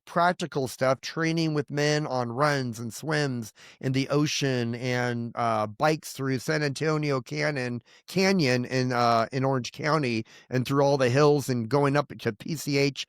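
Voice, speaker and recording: A pastor in his fifties, appearing as a guest, shares his personal testimony earnestly and ramblingly, with many restarts and quoted prayers. His clear, resonant mid-range voice is unhurried and has hardly any pauses, recorded in studio quality with no echo.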